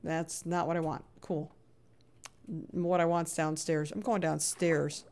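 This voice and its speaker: A woman's voice: low voice, flat delivery, slow, a little mellow. A middle-aged woman streaming a block-building game, chatting casually, reading chat aloud and sounding playfully exasperated.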